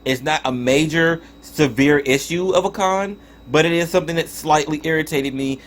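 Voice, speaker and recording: A man's voice: fairly high pitch, moderate pace. A young man giving a casual spoken review of a cartoon episode, swearing and ranting in exasperation with frequent restarts. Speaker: TV show reviewer.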